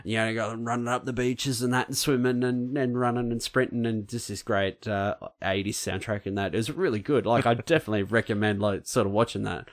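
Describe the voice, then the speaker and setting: A man's voice: medium pitch, steady tone, a little fast, hardly any pauses. An Australian man hosting a podcast, chatting casually and rambling with lots of fillers. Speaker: podcast host.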